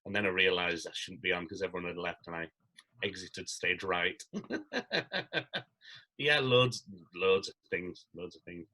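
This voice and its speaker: Actor, middle-aged, bright lively anecdote teller on a podcast. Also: male voice, deep voice, moderate pace, poor audio. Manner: animated storyteller, acts out quotes. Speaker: guest, stage actor. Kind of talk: casual anecdote-telling.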